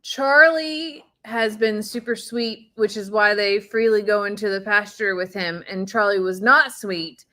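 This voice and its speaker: A woman's voice: medium pitch, a little slow, hardly any pauses, pushed and bright. A woman co-hosting a casual chat, chiming in with details. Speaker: co-host.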